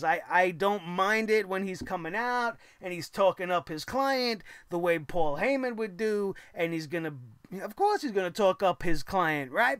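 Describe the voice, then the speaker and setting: A man's voice: high voice, a bit bright, clear, resonant tone, no room sound, clean studio sound. A man hosting a wrestling recap show, ranting sarcastically and swearing, mocking people in put-on voices. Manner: sarcastic, profane, mocking impressions.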